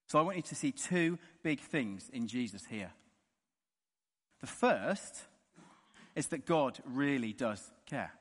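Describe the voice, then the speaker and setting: A man preaching a sermon in an earnest way, dropping soft and slow on the key words. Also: medium pitch, lively intonation, slightly rough. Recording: long reverb of a large hall.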